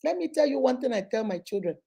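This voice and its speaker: Animated Nigerian woman preaching. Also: sits high, quick pace, gravelly, breathy edge. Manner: animated, preachy, with mimicked voices. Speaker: host. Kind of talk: live show, motivational talk.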